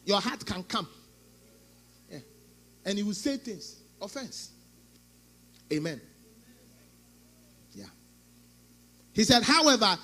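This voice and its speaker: A high-sitting voice belongs to a middle-aged male pastor delivering a sermon. He moves between loud outbursts and quiet asides, acting out the lines he quotes.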